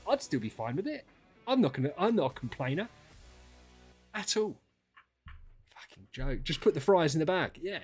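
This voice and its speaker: A British man in his thirties, a gaming streamer, telling a story in an animated, exasperated way and swearing often. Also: on the high side, normal speed, long pauses, husky, faint music behind. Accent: British English. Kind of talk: casual storytelling rant.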